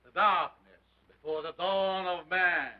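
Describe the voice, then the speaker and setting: In a 1930s film with dull lo-fi sound, an actor plays a sinister carnival lecturer, an older, theatrical showman scientist with an odd foreign accent. He declaims grandiosely in a high-sitting male voice, keeping a steady tone and an unhurried pace.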